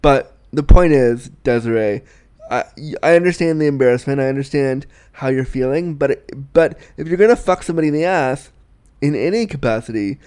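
Young male podcast host, mid-pitched and smooth, frank and giggly in a candid advice chat. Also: normal speed. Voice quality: frank, animated, self-deprecating, giggly.

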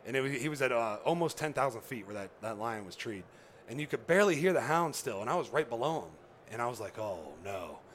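Brief: American male guest with a mid-range voice, lively casual storyteller, faint hiss behind him. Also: medium pitch, quick pace. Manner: animated, laughs often, acts out quoted dialogue. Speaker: podcast guest.

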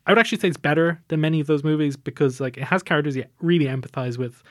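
A man's voice: fairly high pitch, very fast, no echo, studio quality. A man co-hosting a film podcast, summarizing movies in enthusiastic, casual chat. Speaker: podcast co-host.

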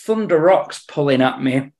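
A man's voice: a little high, expressive, normal speed, a little mellow. Man chatting horse racing tips. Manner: hesitant, repeats words, dry humour. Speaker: racing tipster on betting podcast. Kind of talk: casual podcast chat.

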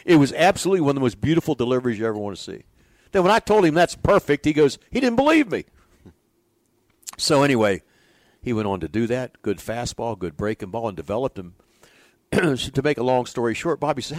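An older man spins folksy stories as an interview guest, acting out each quoted voice. His pitch sits in an ordinary middle range, and the sound is close and dry with no room around it. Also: fast talker, dry recording. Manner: folksy, animated storyteller who acts out quoted dialogue. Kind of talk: storytelling in a conversational interview.

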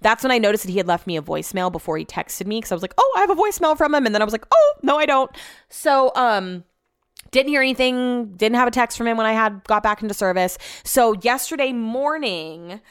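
A young woman hosting a podcast, telling a story in casual, animated monologue and cursing when annoyed. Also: fairly high pitch, brisk, clean tone, no echo, studio quality. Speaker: podcast host.

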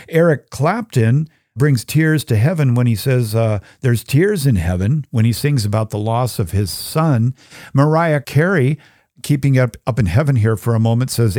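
Middle-aged male podcast host from Minnesota, folksy and chatty, mellow voice, dry close sound. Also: medium pitch, dry recording. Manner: chatty, folksy, animated asides. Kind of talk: casual Catholic teaching talk.

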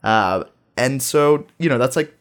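Chatting casually, a man shares a lively travel story and voices the characters' lines himself. He speaks with a medium pitch at a measured pace.

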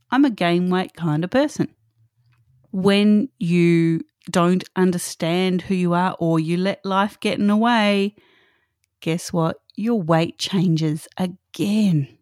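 A woman's voice: fairly low pitch, a little mellow, no room sound, clean studio sound. A middle-aged woman hosting a solo podcast, earnest and emphatic, repeating her key points. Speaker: podcast host.

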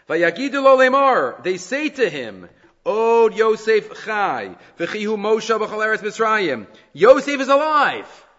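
A man's voice: a little high, in a large hall, muffled recording. A man teaching a class on the weekly Torah portion, reading Hebrew verses aloud and then explaining them in English. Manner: animated, reads Hebrew verses then translates.

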